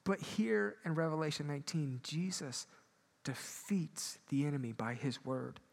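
Man preaching with loud and soft swings. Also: a little slow, creaky. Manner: swings between loud emphatic peaks and quiet low asides. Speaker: pastor. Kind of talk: sermon.

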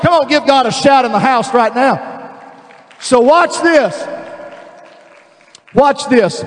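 A man preaching a fervent sermon, calling out to the congregation, repeating words and stretching key phrases slowly. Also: very high-pitched, expressive. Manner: repeats words and restarts, drawn-out slow emphasis. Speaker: pastor. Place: large church sanctuary. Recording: long reverb of a large hall.

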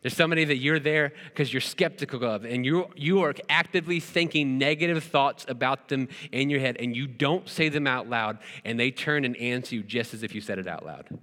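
Bright-voiced man preaching in a hall. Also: medium pitch, fairly quick. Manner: earnest, conversational preaching with repeated words and rhetorical questions. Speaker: pastor. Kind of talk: sermon.

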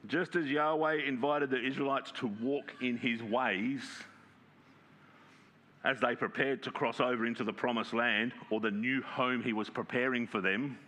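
A man preaching a sermon in a conversational way, often checking in with the congregation and reading scripture aloud slowly with emphasis. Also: medium pitch, steady tone, pushed and bright. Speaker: pastor.

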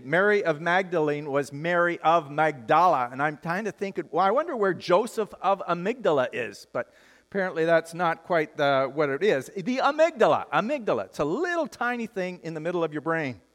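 A man preaching a sermon as pastor, lively and joking, with wide swings in pitch. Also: moderate pace, big-room sound.

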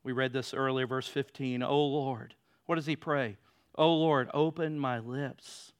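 A man preaching a sermon, moving between loud emphatic passages and quiet, low stretches. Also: fairly even intonation, measured pace, clean tone. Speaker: pastor.

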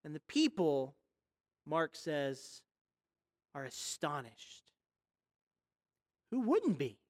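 A pastor preaching a sermon in a conversational, storytelling way, full of rhetorical questions and sudden drops and rises in loudness. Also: medium pitch, very animated, extremely slow. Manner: big swings between hushed and loud.

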